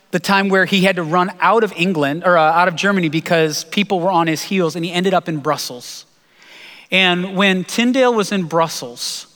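A man preaching a sermon as pastor, telling a story earnestly and slowing down for emphasis. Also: sits high, fairly bright tone. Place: church sanctuary. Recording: long hall reverb.

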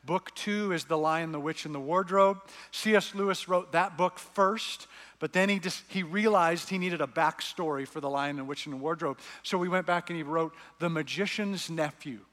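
A man's voice: on the high side, moderate pace, fairly bright tone, long reverb tail. A man preaching a sermon as a pastor, telling a story earnestly and reading scenes aloud.

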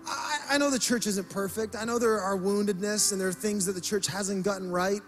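A male pastor preaching a sermon, passionate and emphatic, rising to loud peaks. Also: high-pitched, steady tone, a little fast, faint music behind.

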